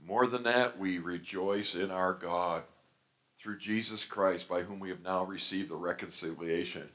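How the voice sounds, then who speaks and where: Older guy preaching, kinda low voice, gets loud and fired up at times. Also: a little slow. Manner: fervent, personal storytelling with sudden loud outbursts. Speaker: pastor. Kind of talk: sermon.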